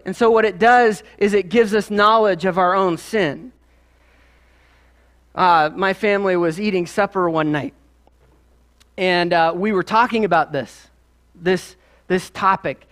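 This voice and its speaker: A man's voice: high-pitched, measured pace, long pauses, a bit bright. A man with a Midwestern American accent, preaching a sermon in a conversational, storytelling way with asides. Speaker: pastor.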